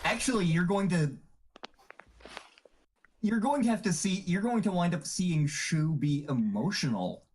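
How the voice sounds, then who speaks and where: Animated, rambling podcast host. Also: medium pitch, unhurried, long pauses, husky. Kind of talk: casual group podcast chat.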